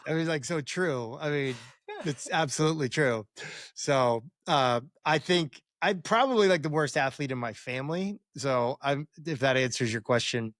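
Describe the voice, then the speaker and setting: With a medium-pitched voice at a moderate pace, a former quarterback in middle age rambles through animated anecdotes as a podcast guest, performing the quotes of others. The sound is clean studio audio without echo, in a casual interview setting.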